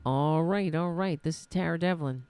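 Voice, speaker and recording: A woman's voice: low-pitched, moderate pace, a little mellow, faint music behind. A woman from New York with a New York accent, hosting a solo political podcast and ranting in a frustrated, self-deprecating way. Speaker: podcast host.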